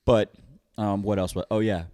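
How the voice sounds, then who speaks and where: A man in his thirties with a low, deep voice, venting in animated, exaggerated banter. He sounds close to the mic, with a dry, dead room. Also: moderate pace, no room sound. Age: 30s. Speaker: podcast co-host. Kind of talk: casual couple banter.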